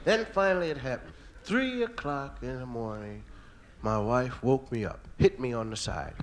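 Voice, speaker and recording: A middle-aged man doing stand-up comedy, telling a story in an animated way and acting out voices with loud yells. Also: mid-range voice, normal speed, slight background noise.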